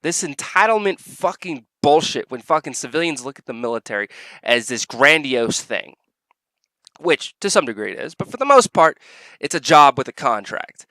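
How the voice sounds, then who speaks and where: A man's voice: fairly high pitch, big pitch swings, normal speed, sharp tone, no room sound. A man vlogger delivering an angry, heavily profane reaction rant.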